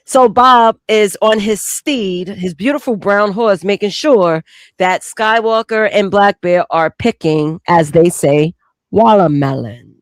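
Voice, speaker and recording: High-voiced teasing young man, dry sound. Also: slow, no room sound. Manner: teasing, laughs often. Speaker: panelist on a live show. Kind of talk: casual chat.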